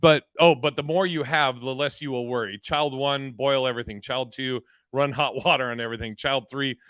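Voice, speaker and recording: Male co-host, bright forward tone, loose and joking, reads comments aloud, dry close mic. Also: medium pitch, fairly even intonation, brisk, dry recording. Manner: loose, laughs often, swears casually. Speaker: podcast co-host reading listener comments. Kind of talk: casual chat.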